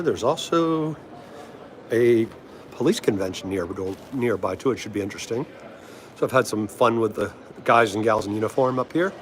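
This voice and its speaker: A man's voice: medium pitch, a little hiss or hum. A middle-aged man with a DC accent, chatting casually on a livestream in a rambling way, laughing often and answering viewer comments. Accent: DC area. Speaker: livestream host.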